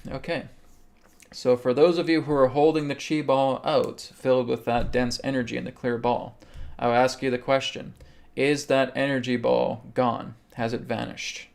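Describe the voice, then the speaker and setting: Guy leading a meditation on a live stream, calm and instructive, kinda flat and gravelly. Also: medium pitch, normal speed. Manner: calm, instructive, repeats okay. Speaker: host and spiritual healer.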